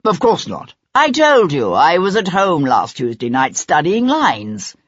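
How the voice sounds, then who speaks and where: Jumpy snappish actor guy, done by an audiobook reader, husky, dull dry sound. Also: a little high, huge pitch swings, measured pace, no room sound, heavily acted. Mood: defensive. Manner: snappish, defensive. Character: nervous, defensive male actor suspect. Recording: slightly dull, dry lo-fi recording.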